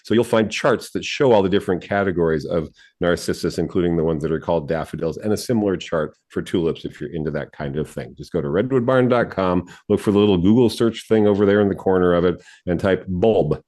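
A man with a very low voice co-hosts a radio garden show. He explains things in a friendly, easygoing way and chuckles now and then. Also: fast, few pauses, darkish tone. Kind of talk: radio garden advice chat.

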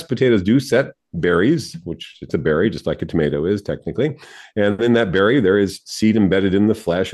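A man with a very low voice co-hosts a radio garden show. He explains things in a friendly, easygoing way and chuckles now and then. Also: a little mellow, slightly rough. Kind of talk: radio garden advice chat.

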